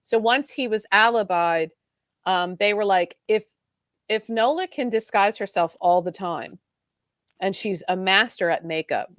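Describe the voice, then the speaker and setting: Fast-talking woman gushing over a soap. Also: medium pitch, no room sound, clean studio sound. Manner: fast, animated retelling with many "like"s. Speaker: podcast co-host. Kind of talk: casual chat recapping a soap opera.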